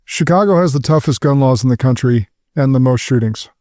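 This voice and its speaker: A middle-aged man hosting a roundtable podcast, speaking earnestly and in a measured way. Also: mid-range voice, darkish tone, dry recording, clean studio sound. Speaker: podcast host. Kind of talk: roundtable discussion.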